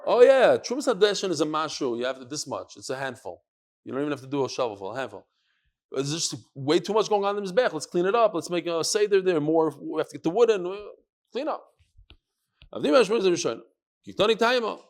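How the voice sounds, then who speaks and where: A man's voice: fairly high pitch, very animated, fast. A man, a rabbi, teaching a live Talmud class in a study hall. He tells stories with flair, acts out the quotes and talks straight to his students.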